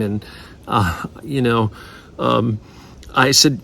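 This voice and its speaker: A man sharing a personal testimony in an unhurried, conversational way. He stumbles often, restarting phrases and filling pauses as he goes. His voice sits at an ordinary middle pitch. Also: steady tone, gravelly, fairly bright tone. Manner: halting, full of fillers and restarts. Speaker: ministry leader. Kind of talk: casual spoken testimony.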